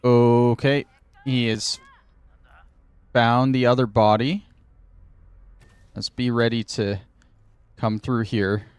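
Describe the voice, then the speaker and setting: A man's voice: medium pitch, little pitch movement, slow, long pauses, clear, resonant tone, no room sound. A man hosting a gaming channel, thinking aloud and muttering to himself in casual commentary while he plays.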